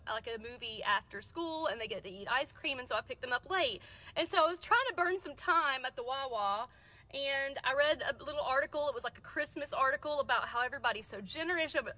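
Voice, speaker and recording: A woman's voice: high voice, bright, forceful tone. A woman telling a casual personal story, giggly and close to laughing tears. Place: church.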